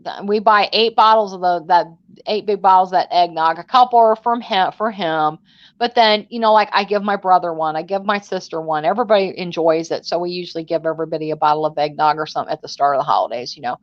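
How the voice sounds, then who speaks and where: A woman's voice: fairly low pitch, quick pace, no room sound. A woman in casual conversation who tells everyday stories and plays out the back-and-forth in different voices. Her voice sounds dry and close, with the muffled, dull quality of a lo-fi recording. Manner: chatty storytelling, acting out dialogue. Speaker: host. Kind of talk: casual chat.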